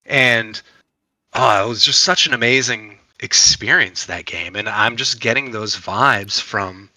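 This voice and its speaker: A man's voice: on the low side, a little slow, sharp tone, no room sound, poor audio. A man who is a guest on a gaming podcast, telling long, eager stories with a sarcastic streak. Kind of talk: casual chat.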